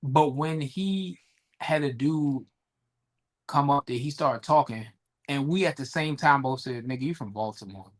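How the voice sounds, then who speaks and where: A man's voice: fairly high pitch, measured pace. A man with a Washington DC area accent chatting on a podcast, blunt and profane, often mimicking people in his stories. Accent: DMV (Washington DC area). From DC metro area. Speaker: podcast co-host. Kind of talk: casual chat.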